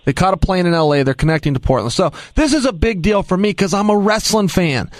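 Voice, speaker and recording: A man guesting on a radio show tells his story with animated, emphatic energy and a touch of self-mockery. His voice sits high and swoops widely in pitch. The sound is close and dry, with no room around it. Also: fast talker, no room sound. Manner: excitable, emphatic, self-mocking.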